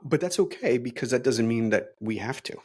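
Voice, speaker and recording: A middle-aged man talking as an interview guest, energetic and optimistic, with many fillers and restarts. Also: mid-range voice, brisk, slightly rough. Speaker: brokerage leader, interview guest. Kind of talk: casual interview talk.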